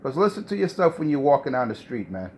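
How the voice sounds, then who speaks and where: A man's voice: medium pitch, very animated, fast, slight background noise. Mocking man trash-talking on CB. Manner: mocking, lecturing, repetitive with "man". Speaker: CB radio operator. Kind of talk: trash-talking radio banter.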